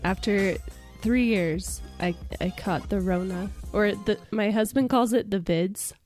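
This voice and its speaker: A young woman co-hosting a podcast with a hoarse, raspy voice, playful and quick to laugh in casual chat. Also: mid-range voice, a little mellow, soft background music. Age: young adult. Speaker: podcast co-host.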